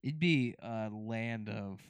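A man's voice: lowish voice, slow pace, smooth, no room sound. A man co-hosting a podcast in casual chat, playful and joking. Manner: playful, jokes and acts out bits. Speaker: podcast co-host.

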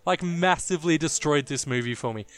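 A man's voice: on the high side, a little fast, fairly bright tone. Blunt, mocking man. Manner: blunt, mocking, swears freely. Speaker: podcast co-host. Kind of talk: casual film review chat.

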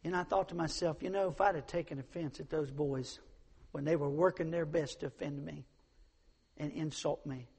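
A man's voice: a little high, steady tone, normal speed, gravelly, darkish tone, husky, in a large hall. A man preaching a sermon, emphatic, repeating his points and acting out the people in his stories. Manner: emphatic, repeats phrases, acts out quoted voices.

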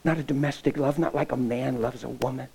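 A pastor preaching a sermon with stories, impassioned and folksy, swinging from loud to hushed. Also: male voice, mid-range voice, fairly even intonation, fairly quick, gravelly, husky, poor audio. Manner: folksy, plain-spoken. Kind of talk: sermon with storytelling.

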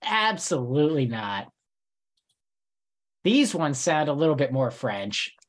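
A man's voice: fairly high pitch, big pitch swings, slow. A man co-hosting a podcast, ranting in casual chat with plenty of swearing. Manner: indignant, profane ranting. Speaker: podcast co-host.

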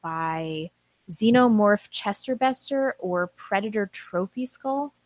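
A woman's voice: mid-range voice, lively intonation, slow, no room sound. A woman co-hosting a live-stream talk show, reading viewer comments aloud and chatting casually. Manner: reads superchats aloud, chatty with fillers.

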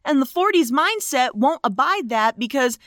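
A woman's voice: sits high, big pitch swings, moderate pace, a bit bright, no echo, clean studio sound. A woman co-hosting a podcast about films, talking in a passionate, indignant way. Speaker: podcast co-host. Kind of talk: casual film-review chat.

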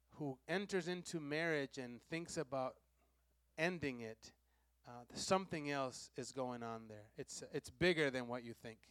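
A male pastor with a high voice preaches a sermon, pulling the congregation into call-and-response and repeating key lines for weight. He swings between loud, pressing emphasis and soft, low asides, and the sound is dry and close with almost no room.

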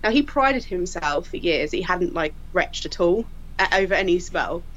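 Woman guest, lively storyteller, laughs a lot, voices quotes, slightly dull lo-fi sound. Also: lowish voice, normal speed. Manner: animated, laughing storyteller who acts out quotes. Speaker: crime scene investigator guest. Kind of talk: casual anecdote telling.

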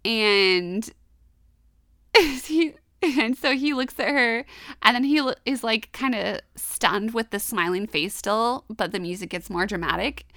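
On a podcast she co-hosts, a woman casually retells an anime episode, giggling a lot and doing quoted lines in character voices. Her voice sits on the high side at a measured pace, captured dry with studio quality.

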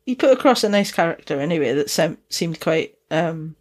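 A woman's voice: low-pitched, lively intonation, fairly quick, darkish tone. Chatty Scottish woman with Dundee accent. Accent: Dundee Scottish with Geordie mix. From Scotland. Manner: laughs often, chatty and swearing. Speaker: podcast co-host. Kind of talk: casual chat.

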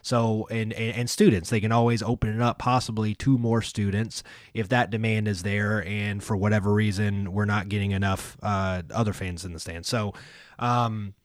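A man's voice: on the low side, level tone, moderate pace, dry recording, clean studio sound. A man co-hosting a casual sports podcast, rambling with many fillers and restarts. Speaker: podcast co-host.

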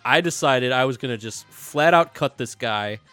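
A man hosting a casual fantasy football podcast, animated and laughing often, repeating himself as he talks. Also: mid-range voice, normal speed, smooth, faint music behind. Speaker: podcast host.

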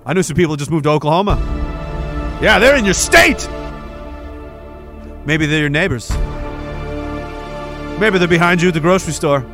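A man performing a stand-up comedy bit in a mock-alarmist, animated manner with shouted bursts. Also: fairly high pitch, fast, long pauses, music in the background.

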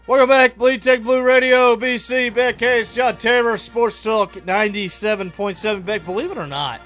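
A man hosting a sports radio show from the studio, upbeat and quick to laugh, in casual chat. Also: very high-pitched, fairly bright tone, faint music behind.

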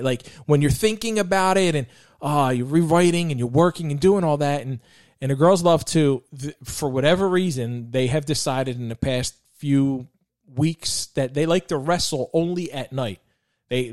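A man with a slightly higher-pitched voice, recorded close and dry with no room sound. He talks as a podcast host, telling stories from family life and drawing faith lessons from them in an earnest, heartfelt way, often restarting his sentences as he goes. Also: a little mellow, no room sound. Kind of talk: reflective faith talk with personal stories.

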